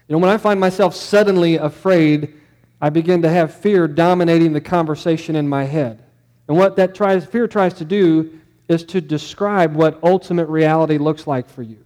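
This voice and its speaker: A man's voice: on the high side, dark tone. A male pastor giving a sermon in a conversational way, often putting questions to the congregation.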